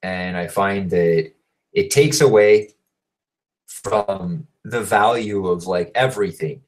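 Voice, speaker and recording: A man's voice: deep voice, takes it slowly, voice pushed down. A man voicing a young woman in his story, insistent and carefree, repeating herself. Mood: earnest.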